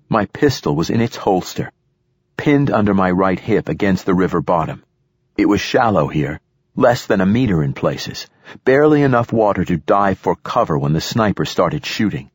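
A man reading a first-person action story aloud, with steady, measured narration and raised bursts for the shouted dialogue. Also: low-pitched, husky, no room sound, clean studio sound. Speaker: audiobook narrator.

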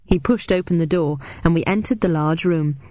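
A woman reading a first-person story aloud as an audiobook, with steady, even storytelling. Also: fairly low pitch, normal speed, dry recording. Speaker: audiobook narrator.

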